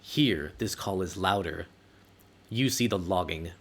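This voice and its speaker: A man voicing a calm, grave male forest guardian in a story game, speaking slowly and solemnly. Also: low-pitched, breathy edge, full character voice. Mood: grim.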